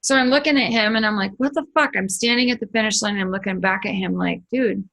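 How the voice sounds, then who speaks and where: A middle-aged woman tells a spiritual story in a casual, animated way. She swears freely and acts scenes out with sound effects. Her voice is gravelly, at a medium pitch. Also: fast talker, poor audio. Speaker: spiritual channel host.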